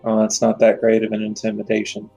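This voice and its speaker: A man's voice: lowish voice, completely flat delivery, fast, creaky, mellow, faint music behind. A man playing a tabletop game, talking casually and offhandedly at the table. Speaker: player.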